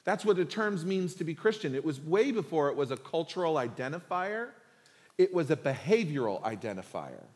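A male pastor preaching in a lively, conversational style, full of humor. His voice sits a touch high for a man. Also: normal speed, big-room sound. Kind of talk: sermon.

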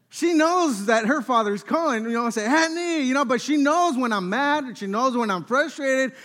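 A man in his thirties preaching a sermon, telling family stories with lively acted-out dialogue. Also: high voice. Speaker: pastor.

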